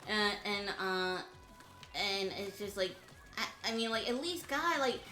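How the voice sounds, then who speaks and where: A woman from Georgia in the US, a guest on a game stream, venting in blunt, profane talk with halting restarts. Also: medium pitch, lively intonation, pushed and bright, soft background music. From Georgia, USA. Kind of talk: casual chat on a game stream. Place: home room. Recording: roomy echo.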